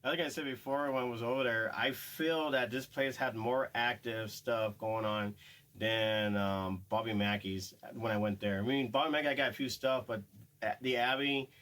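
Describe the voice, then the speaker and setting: A man, a guest paranormal investigator, recounting experiences eagerly with halting restarts. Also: on the low side, steady tone, a bit bright. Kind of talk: casual group chat.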